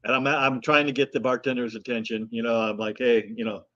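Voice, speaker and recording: A middle-aged man hosts a relaxed conversation, spinning animated anecdotes and slipping into other people's voices. His pitch sits in an ordinary middle range. The audio is dull and lo-fi, with the top end missing. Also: fast. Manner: animated storyteller, mimics voices. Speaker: host. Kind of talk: casual chat.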